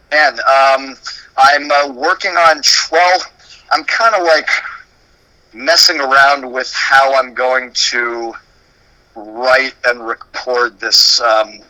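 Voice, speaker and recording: A man's voice: mid-range voice, bright, forceful tone, dry recording, low-quality recording. A man from Dallas, a musician talking about his work in a loose, playful way, swearing freely. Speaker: musician guest. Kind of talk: casual chat.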